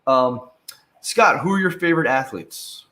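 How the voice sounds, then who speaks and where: A man's voice: mid-range voice, animated, a little slow, pushed and bright. A man hosting a casual interview over a video call, upbeat and affirming, reading out audience questions. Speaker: host and moderator.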